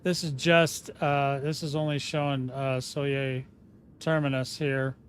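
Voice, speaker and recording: A man's voice: medium pitch, little pitch movement, a little slow, slight background noise. A man chatting casually on a game livestream, rambling and often breaking off mid-sentence. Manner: rambling, self-interrupting, chatty. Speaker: game streamer.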